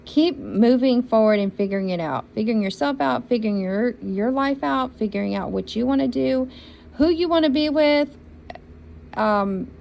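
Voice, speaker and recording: A woman's voice: on the high side, animated, moderate pace, creaky, darkish tone, muffled recording, slight background noise. A woman giving a spiritual reading for zodiac signs, talking in an encouraging, repetitive and emotional way. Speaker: intuitive reader.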